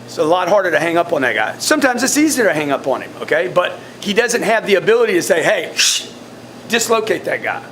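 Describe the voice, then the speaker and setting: A man coaching his sales team in a blunt, forceful way, often repeating words. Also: high-pitched, big pitch swings, quick pace, few pauses, slight background noise. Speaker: sales trainer.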